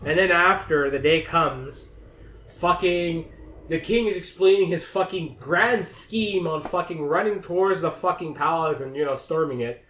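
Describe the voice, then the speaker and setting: A man's voice: a little high, moderate pace, fairly bright tone. A man co-hosting a casual movie recap podcast, rambling and swearing as he retells scenes. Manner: rambling, heavy swearing, acts out lines. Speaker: podcast co-host. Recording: echoey room, dull lo-fi sound, faint hiss.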